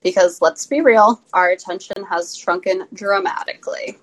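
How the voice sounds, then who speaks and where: A woman's voice: medium pitch, moderate pace, rough recording. A young woman co-hosting a podcast, teasing her co-host in casual chat. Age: young adult. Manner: teasing, wry.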